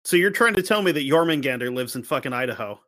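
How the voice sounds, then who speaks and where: A man's voice: mid-range voice, expressive, quick pace, bright, forceful tone. A man co-hosting a podcast, joking around in casual chat and swearing a lot. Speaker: podcast co-host.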